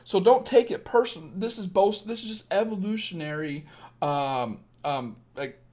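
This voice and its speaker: A man's voice: sits high, expressive, measured pace, darkish tone. Blunt, profane man with a Southern Illinois accent. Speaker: dating coach. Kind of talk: late-night livestream chat.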